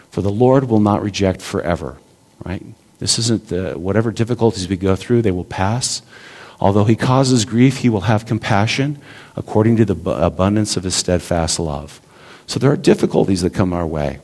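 Man, pastor, sermon, low voice, chatty asides, restarts words. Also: darkish tone. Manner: conversational, folksy, asides and repeated words.

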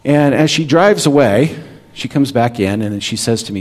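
A man's voice: mid-range voice, animated, moderate pace. A man in his forties, a pastor, preaching a sermon in a conversational way and often checking in with the congregation.

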